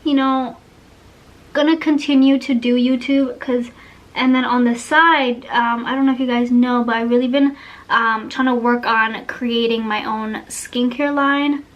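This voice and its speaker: High-voiced young woman chatting while doing makeup. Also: steady tone, measured pace, highs cut off. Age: young adult. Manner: rambling, gossipy storytelling with many fillers. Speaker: beauty vlogger. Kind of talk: casual chatty makeup tutorial.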